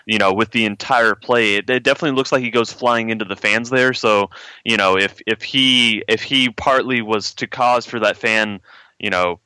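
A man with a very bright, forward voice chatting casually about sports. He repeats words and circles around his point. The sound is dry and close. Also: fairly low pitch, normal speed, smooth, no echo, rough recording. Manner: rambling, repeats words while searching. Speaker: podcast co-host.

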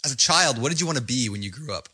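A male podcast co-host talks fast and casually, often doubling the first word of a sentence. His voice is bright, and he talks at a lively clip. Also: mid-range voice, husky. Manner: quick, stammering starts.

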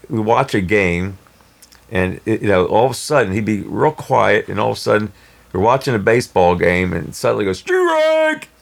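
A man telling a personal story in a rambling, halting way with many restarts. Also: lowish voice, vocal fry. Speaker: storyteller guest. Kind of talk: casual spoken storytelling.

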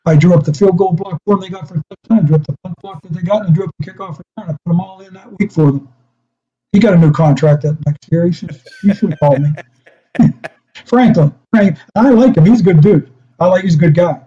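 An older man, a retired football coach, spins long anecdotes in a rambling, restarting way and chuckles as he goes. His voice sits a bit high for a man yet sounds mellow and dark, coming through a muffled, lo-fi remote line. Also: fast talker. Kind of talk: casual chat, storytelling.

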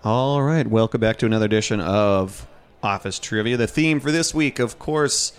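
A man's voice: fairly low pitch, moderate pace, smooth. A man hosting a trivia segment on a podcast, speaking in an easygoing way. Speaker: trivia host. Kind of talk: casual chat.

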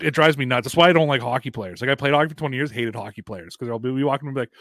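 A man's voice: mid-range voice, racing, creaky, few pauses, dry recording. Casual guy talking football, jokey, cusses a lot, dry mic. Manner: joking, animated, swears. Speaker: co-host. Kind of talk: casual sports chat.

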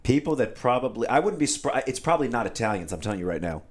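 A man's voice: medium pitch, sing-song, rapid-fire. A man co-hosting a casual talk show, wry and chiming in with short replies and asides. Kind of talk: casual banter.

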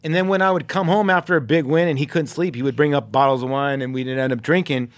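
An ex-baseball player co-hosting a podcast rattles through a long, animated story in a fast, high-ish voice with no echo. He slips into the voices of the people he quotes, peppering it with frequent ums.

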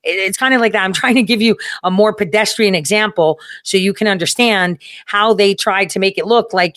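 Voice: medium pitch, brisk, few pauses, fairly bright tone, no room sound, studio quality. A host of a commentary show talking in a casual, rambling monologue, with many filler words, some swearing and frequent chuckles.

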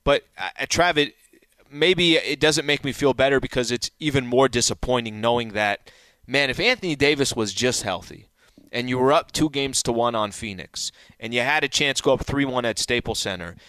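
A man's voice: mid-range voice, moderate pace, sharp tone, smooth, no echo. A man co-hosting a casual sports talk show, talking things through in a conversational way. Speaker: sports radio co-host.

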